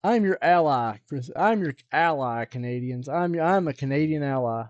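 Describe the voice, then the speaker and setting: A man hosting a live music stream, chatting with viewers in a loose, joking way, drawing words out slowly for comic effect. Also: fairly high pitch, lively intonation, dry recording, highs cut off. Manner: joking, rambling banter with viewers. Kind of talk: casual chat on a live stream.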